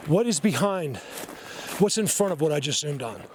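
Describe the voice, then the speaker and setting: A man's voice: fairly high pitch, animated, moderate pace, noisy background. A man talking casually to his viewers while hiking in a forest, rambling and breaking off mid-sentence. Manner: rambling, loose, self-interrupting. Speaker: outdoor vlogger. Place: outdoors in a forest.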